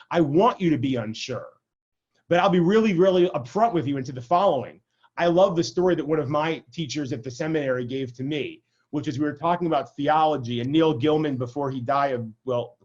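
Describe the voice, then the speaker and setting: A rabbi with a mid-range, slightly rough voice teaches an adult class by video call, and the recording has its highs cut off. It's an informal, conversational lecture where he keeps asking "right?" and tosses in self-deprecating remarks.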